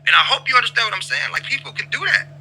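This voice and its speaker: A man's voice: very high-pitched, lively intonation, racing, creaky, pushed and bright, breathy edge, faint music behind, rough recording. A man leading an in-character roleplay chat, lecturing another player at length with repeated phrases and stammered restarts.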